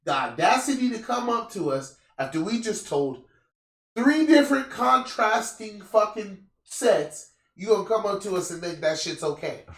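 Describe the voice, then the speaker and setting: A young man with a high, lively voice tells stories in a casual chat, swearing often and mimicking the people he meets. He sounds set back from the microphone, with a roomy echo around him. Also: moderate pace. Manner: animated, profane, acts out quoted people. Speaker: podcast host. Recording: roomy echo, distant mic.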